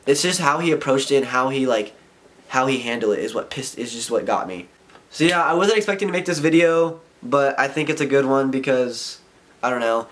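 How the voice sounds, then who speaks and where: Young male vlogger, mid-pitched, frustrated casual rant with lots of fillers. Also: a bit bright. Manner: frustrated rambling, heavy filler "like". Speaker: vlogger and skater. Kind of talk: casual ranting vlog.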